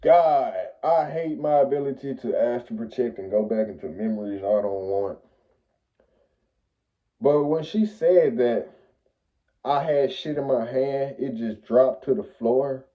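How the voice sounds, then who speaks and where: A young man telling a personal story in casual, profane slang that jumps loud and high as he retells it. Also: a little slow. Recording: tinny phone-like audio.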